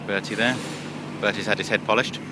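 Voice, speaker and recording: A man vlogging outdoors and from truck cabs, excitable and laughing often in casual commentary. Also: fairly low pitch, a little fast. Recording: loud engine and traffic noise.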